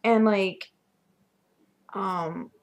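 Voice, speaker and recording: A young woman casually telling her own ghost stories to the camera in a vlog, animated, dropping to whispers at the spooky moments. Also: medium pitch, very slow. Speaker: vlogger. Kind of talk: casual storytelling.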